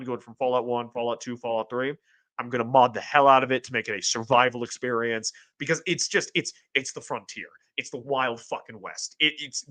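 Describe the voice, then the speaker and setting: Casual male streamer, mid-pitched, digressive, dry close-mic sound. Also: no echo. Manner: rambling, with restarts and sudden excited jumps in pitch. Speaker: streamer host reading chat. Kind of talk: casual livestream chat.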